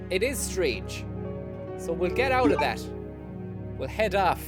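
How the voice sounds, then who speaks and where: A man's voice: high voice, sing-song, slow pace, rough recording. A man streaming a game, joking, swearing and talking to his chat. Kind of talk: casual live-stream commentary. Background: loud music.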